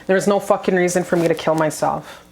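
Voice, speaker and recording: A woman's voice: lowish voice, fairly even intonation, fast talker, darkish tone, slight background noise. A young adult woman talking candidly to her viewers in a confessional vlog, blunt and swearing freely. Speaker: vlogger.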